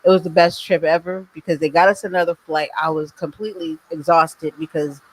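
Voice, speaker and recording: A woman's voice: low-pitched, fairly even intonation, brisk, low-quality recording. A middle-aged woman hosting a podcast, telling a personal story in casual chat and laughing often. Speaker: podcast host.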